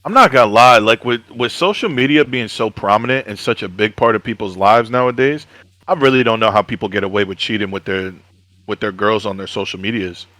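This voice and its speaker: A man's voice: fairly low pitch, fairly quick, sharp tone, no echo, poor audio. A young man co-hosting a podcast in casual chat, reacting bluntly with slang. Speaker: podcast co-host.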